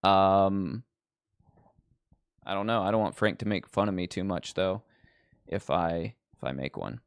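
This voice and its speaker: Low smooth-voiced guy hosting a stream, rambly, lotta ums. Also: a little slow, no echo, studio quality. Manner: rambling, lots of um and like. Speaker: livestream host. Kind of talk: casual livestream chat.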